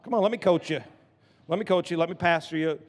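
A man preaching a lively sermon as pastor, drawing the congregation into call-and-response. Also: on the high side, fast. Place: church sanctuary. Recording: long church hall reverb.

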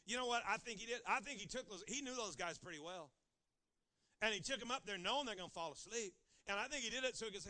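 A man's voice: high voice, fast talker, bright, forceful tone. A male pastor preaching a sermon, acting out pleading voices dramatically.

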